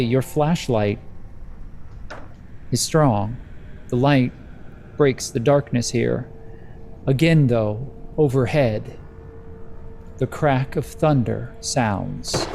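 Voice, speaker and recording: Man game master, mellow voice, slow brooding horror narration, faint background noise. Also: mid-range voice. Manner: slow, atmospheric descriptive narration.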